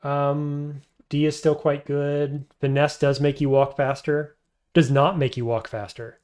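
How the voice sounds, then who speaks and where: A man's voice: on the high side, level tone, unhurried, darkish tone. A man streaming a game, thinking aloud as he weighs his options and answers chat. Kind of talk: casual live-stream commentary.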